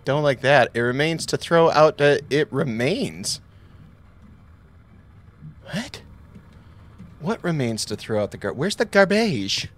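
Male let's play host, slightly high voice, drawn-out delivery, jokey and skittish. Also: lively intonation, faint music behind. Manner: jumpy, joking, yelps and laughs at scares. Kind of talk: horror game commentary. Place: at home.

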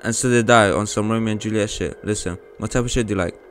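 A man's voice: lowish voice, steady tone, fast talker, a bit bright, soft background music. Brash, crude young man joking. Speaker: VR chat streamer. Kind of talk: casual chat with strangers in a game.

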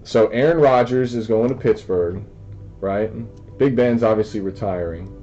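A man's voice: lowish voice, mellow. A man opening sports card packs in casual chat, brash and joking with a friend. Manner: brash, joking, rapid-fire. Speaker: card breaker. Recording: slightly dull, music faint behind. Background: faint music.

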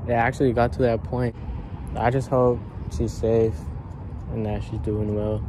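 A young man vlogs outdoors at night beside cars, speaking in a mid-range voice with flat delivery and no hurry. He's nervous and emotional, his talk slangy and chatty, with street noise all around.

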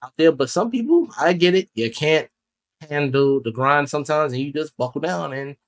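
A young man with a fairly high, animated voice talks at normal speed as he hosts a gaming YouTube channel. He reviews a video game casually, chatty and rambling, correcting himself along the way.

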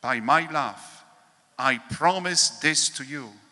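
Slow, bright-voiced priest in a large hall. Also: male voice, medium pitch, lively intonation. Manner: slow, measured, solemn reading with pauses. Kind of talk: reading a devotional meditation at a holy hour.

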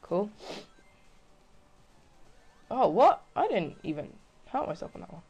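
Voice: mid-range voice, sing-song, fairly quick, gravelly, dark tone, husky, muffled recording. Exasperated let's-play gamer, muttering and yelping. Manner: talks to self, frequent exclamations and groans. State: frustrated. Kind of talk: casual gameplay commentary.

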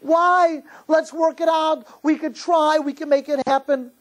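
A man's voice: very high voice, fairly even intonation, measured pace, a bit bright, pitched above the performer's own voice. A man voicing a desperate wife who pleads through tears to save her marriage, as part of a story in a talk. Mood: pleading. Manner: pleading, tearful.

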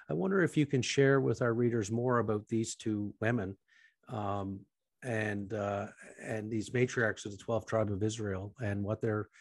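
A man from Canada hosting a podcast interview, asking long, halting questions that trail off quietly. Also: lowish voice, no echo, studio quality. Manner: halting, many fillers and restarts, trails off quietly. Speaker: podcast host.

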